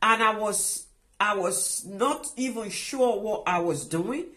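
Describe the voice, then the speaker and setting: A middle-aged woman giving an emotional personal testimony, halting and restarting often as she speaks. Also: medium pitch, expressive, a bit bright. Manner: halting and emotional, with many restarts and trailing phrases. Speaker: guest sharing a personal testimony.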